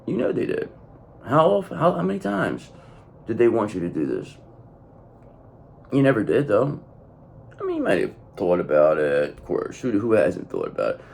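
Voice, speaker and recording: Low gravelly guy doing a tarot reading, swears a lot, pitch jumps all over, repeats himself for emphasis. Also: darkish tone, a little hiss or hum. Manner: blunt and profane, repeating phrases for emphasis. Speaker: tarot reader.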